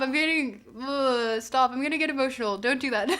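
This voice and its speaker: Giggly young woman streaming, high bright voice, gushy and chatty. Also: expressive, normal speed. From Canada. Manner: bubbly and giggly, gushing thanks to viewers. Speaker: live streamer. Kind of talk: casual live-stream chat.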